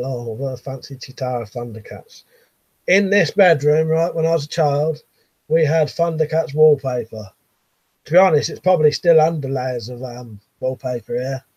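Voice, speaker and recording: A man's voice: mid-range voice, a little mellow, breathy edge, dry recording, dull audio. An English man in his late thirties hosting a casual live chat from his bedroom, reading viewers' messages with easy, chuckling banter. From England. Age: 30s. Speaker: livestream host reading chat.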